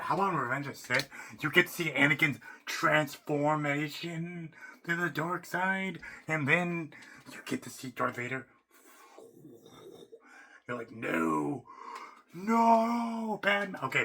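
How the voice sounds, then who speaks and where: A man ranting off the cuff as a fan, rambling and excitable, restarting sentences and swearing casually. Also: on the high side, vocal fry, breathy edge. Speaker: YouTuber. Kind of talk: unscripted fan rant.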